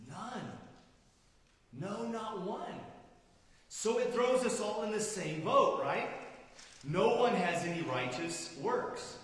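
A man preaching a sermon as pastor, emphatic, swinging from loud declarations to quiet, drawn-out lines. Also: high-pitched. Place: church sanctuary. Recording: roomy hall with long reverb.

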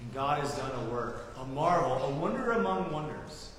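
A man's voice: medium pitch, animated, moderate pace, fairly bright tone, a little hiss or hum. A man preaching a sermon as pastor, earnestly calling the listeners beloved and asking them rhetorical questions. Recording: echoey hall from far off, faint ambience.

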